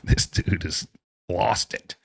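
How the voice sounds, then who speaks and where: A man's voice: slow pace, dry recording, clean studio sound. A man hosting a casual commentary video, talking in a sarcastic, exasperated way with scoffing remarks. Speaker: true-crime commentary host.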